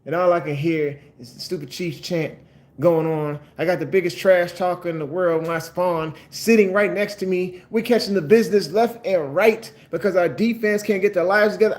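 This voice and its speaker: A man's voice: high voice, darkish tone. Fired-up older man ranting about his team. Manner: frustrated, fired-up trash talk. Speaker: sports vlogger. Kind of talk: heated fan rant.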